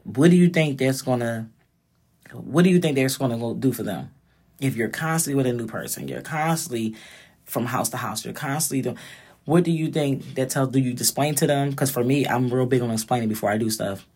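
A woman's voice: extremely low pitch, brisk, darkish tone, slightly rough. A woman in her thirties giving a blunt, profane, direct casual monologue as a vlogger.

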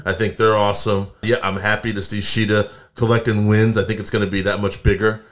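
A man co-hosting a casual wrestling podcast, animated and quick to laugh, jumping into playful voices when he retells stories. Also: lowish voice. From Puerto Rican background. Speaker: podcast co-host.

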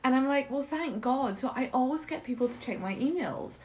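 A middle-aged woman from Britain, a mentor chatting casually and telling self-mocking stories in a lively way. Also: sits high, fairly quick, slight background noise. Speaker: guest mentor. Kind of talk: casual chat.

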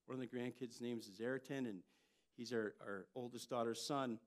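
An older man, a pastor, preaching a sermon and telling family stories with lively jumps in loudness. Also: medium pitch, normal speed. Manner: storytelling, animated delivery with jumps in loudness.

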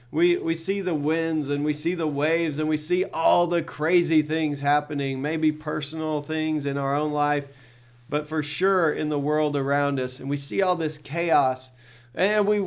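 A middle-aged male pastor giving a devotional talk in an earnest, conversational way, often repeating words as he thinks. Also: fairly high pitch.

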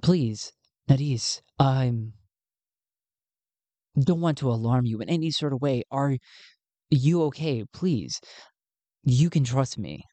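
A woman voicing a calm, watchful man who speaks low, steady and reassuring in a solo tabletop game. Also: slow, long pauses, no echo, exaggerated voice. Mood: gentle. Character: calm watchful man with a new cyber eye.

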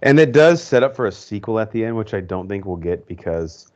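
A man's voice: lowish voice, expressive, brisk. A man co-hosting a podcast, giving rambling, opinionated movie reviews in casual chat full of fillers. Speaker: podcast co-host. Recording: dull lo-fi podcast audio.

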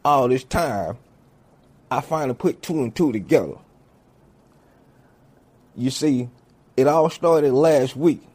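A man's voice: medium pitch, takes it slowly, long pauses, breathy edge. A man telling a comic story full of swearing, acting out each character as he goes. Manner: swears heavily, animated, acts out each character. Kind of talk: profane comedic storytelling.

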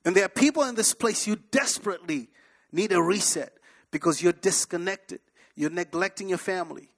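A man's voice: high-pitched, a little fast, a bit bright. A man preaching a sermon as pastor, emphatic and repetitive, with sudden bursts and drops in his delivery. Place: church service.

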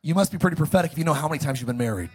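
A pastor preaching a sermon, joking and calling on the congregation to repeat phrases after him. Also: male voice, a little high, animated, very fast, husky. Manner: jokey, calls for congregation responses.

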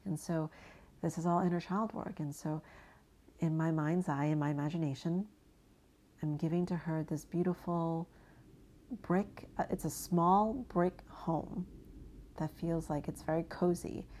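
A woman from New England gently guiding an inner child visualization, speaking softly and slowly and often dropping to a hushed near-whisper. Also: low voice, steady tone, a little hiss or hum. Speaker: inner child and energy work guide.

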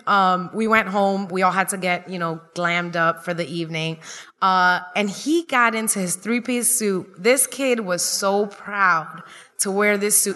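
A woman doing stand-up comedy, telling a lively story to a live audience and acting out the people she quotes. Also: mid-range voice. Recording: long hall reverb.

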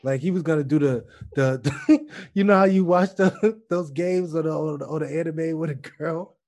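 A man co-hosting a casual movie review chat, jokey and animated, often mimicking lines for laughs. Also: a little high, moderate pace. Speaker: podcast co-host.

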